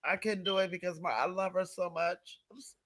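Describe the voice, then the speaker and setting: A woman's voice: lowish voice, fairly even intonation, brisk, a bit bright, dry recording. An older woman calling into a livestream, speaking in an emotional, effusive way. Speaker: guest caller. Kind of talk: casual livestream chat.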